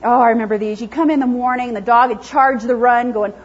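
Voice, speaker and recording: A chatty woman, a dog behavior trainer and lecturer, teaches a class in a fast, slightly rough voice on the high side. She's lively and acts out what dogs might be thinking in silly voices, and the classroom recording is dull and lo-fi.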